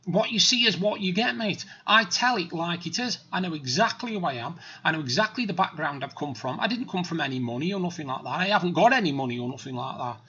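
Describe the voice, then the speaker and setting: A man's voice: on the high side, lively intonation, quick pace, few pauses, pushed and bright, husky, dull audio. A middle-aged man telling stories in a plain-spoken, rambling, blunt way. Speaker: vlogger. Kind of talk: casual storytelling monologue.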